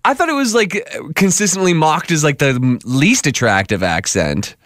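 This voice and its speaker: A man co-hosting a radio show, playful and quick to laugh, joking about accents. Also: fairly high pitch, animated, fairly bright tone, dry recording. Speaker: radio co-host. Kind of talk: morning radio banter. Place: radio studio.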